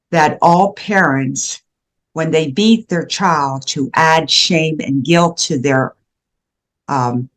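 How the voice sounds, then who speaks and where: Earnest older woman, emphatic guest. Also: low-pitched. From USA. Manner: emphatic and earnest, with frequent restarts. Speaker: guest, shame and guilt educator. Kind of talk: conversational interview.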